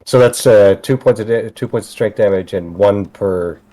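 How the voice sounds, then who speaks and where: Deep, dark-voiced man playing a tabletop game. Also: moderate pace, no room sound. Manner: matter-of-fact, talks through game rules. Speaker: player. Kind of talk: casual tabletop play.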